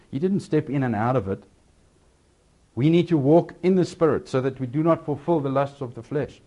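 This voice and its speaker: Man preaching with lively emphasis. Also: medium pitch. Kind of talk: sermon.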